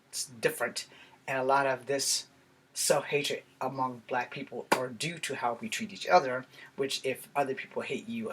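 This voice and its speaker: A husky American man in his forties talks straight to camera in a loose, rambling monologue. He pokes fun at himself as he goes, and his voice sits at an ordinary middle pitch. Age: 40s. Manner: rambling, self-deprecating. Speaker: vlogger.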